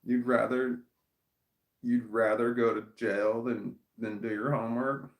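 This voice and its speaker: A man's voice: medium pitch, steady tone, a little slow, roomy sound. An American man reading live chat aloud on his stream, rambling, swearing and restarting his sentences. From United States. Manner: rambling and profane, with frequent restarts. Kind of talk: casual livestream chat.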